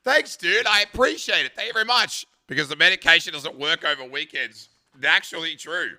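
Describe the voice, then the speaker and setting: A man's voice: on the high side, animated, a little fast, sharp tone, no echo, studio quality. An Australian man in his thirties, chatting casually with stream viewers and rambling through crude stories, swearing freely. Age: 30s. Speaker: live streamer.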